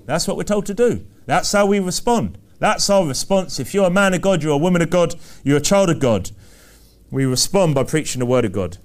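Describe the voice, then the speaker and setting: A man's voice: a little high, lively intonation, a little fast. A man preaching a sermon, repeating phrases with emphasis and asking the congregation rhetorical questions.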